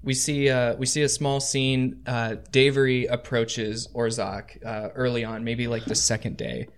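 Male game master, slow-paced, relaxed tabletop narration. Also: mid-range voice, clean tone. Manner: relaxed, unhurried with fillers.

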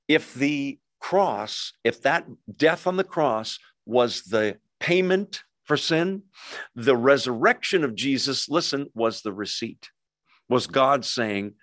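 A man's voice: mid-range voice, lively intonation, takes it slowly, dry recording. Conversational preacher man, dry sound. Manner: conversational preaching with jokes and asides to the congregation; emphatic, swings between loud and hushed. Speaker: pastor. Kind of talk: sermon.

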